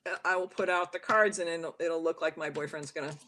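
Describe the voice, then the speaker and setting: A woman's voice: on the low side, brisk, slight background noise. A talkative woman, a tarot reader and guest, chatting casually in an interview and acting out little quoted voices as she tells her stories. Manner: talkative, animated storyteller who acts out quotes.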